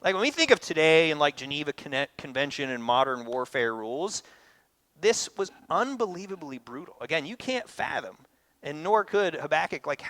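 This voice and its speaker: A pastor in his thirties giving a conversational sermon, acting out quotes with lively energy. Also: fairly high pitch, normal speed, no echo. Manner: conversational, animated, acts out quotes.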